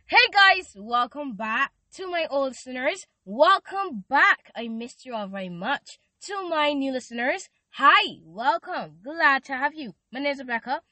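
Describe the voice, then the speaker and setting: A woman's voice: sits high, animated, moderate pace, few pauses, pushed and bright, dry recording. A teenage girl hosting a casual faith podcast, chatty and slangy as she encourages her listeners. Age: teens. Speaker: podcast host. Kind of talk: casual devotional podcast talk.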